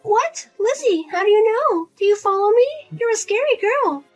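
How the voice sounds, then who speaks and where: A nagging, guilt-tripping older mother, voiced by a woman, with a very high voice that swoops up and down as she whines and wheedles. Faint music plays behind her in this narrated drama. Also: lively intonation, normal speed. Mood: self-pitying. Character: spendthrift widowed mother, pushy and self-pitying.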